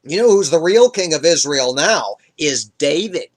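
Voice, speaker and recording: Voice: mid-range voice, expressive, moderate pace, natural voice. A livestream narrator voicing the ghost of a grumpy old prophet who scolds crudely and with contempt, in an improvised comic Bible retelling. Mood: scolding.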